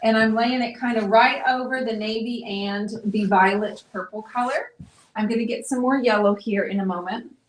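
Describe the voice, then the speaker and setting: A woman's voice: on the high side, moderate pace. A middle-aged woman hosting a live painting stream, chatting casually and explaining each step as she paints.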